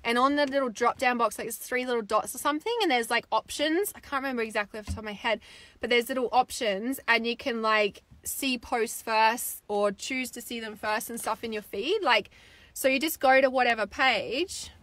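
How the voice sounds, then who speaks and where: A woman's voice: on the high side, normal speed, a bit bright. A young adult woman hosting a live stream, chatting casually as she reads out viewer comments, rambling with many "like"s and swearing freely when she gets fired up. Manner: rambling, filler-heavy talk with many "like"s.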